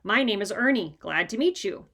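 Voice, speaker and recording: A woman's voice: mid-range voice, animated, normal speed, a bit bright. A woman voicing a bratty, playful four-year-old boy in a storybook reading, with a sing-song, silly manner.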